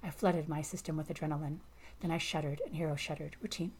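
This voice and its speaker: A woman narrating a first-person science fiction story in a calm, measured way. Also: sits low, slight background noise.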